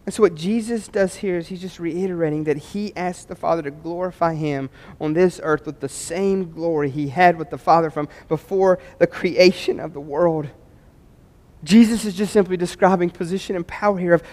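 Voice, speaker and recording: A man with a notably high voice delivers a sermon to his congregation. He sounds earnest and conversational, stammering over his opening words as he pushes his points. His voice rings with the long echo of a church hall. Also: normal speed, a little mellow. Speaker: pastor. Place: church sanctuary.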